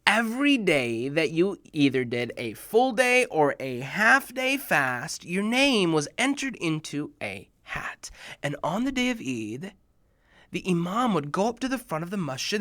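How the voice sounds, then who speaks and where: A man telling a story to children, dramatic, dropping to whispers and then bursting out loud. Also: sits high, very animated, measured pace, no room sound. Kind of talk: lively storytelling for kids.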